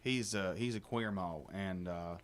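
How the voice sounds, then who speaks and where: A man's voice: sits low, unhurried, a little hiss or hum. A man co-hosting a comedy talk radio show, teasing and goading crudely. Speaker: radio co-host. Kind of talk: casual comedic radio banter.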